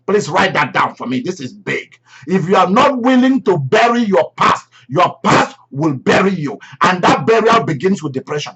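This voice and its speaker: A man preaching a sermon, emphatic and repeating key phrases, swinging between loud and soft. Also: high-pitched, very animated, normal speed, few pauses, husky. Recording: dull lo-fi recording.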